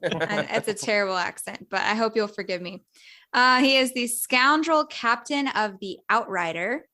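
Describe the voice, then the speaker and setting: Bright-voiced woman in giggly podcast chat. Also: a little high, animated, moderate pace. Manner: light, giggly, a bit tentative. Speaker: podcast co-host. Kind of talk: casual chat.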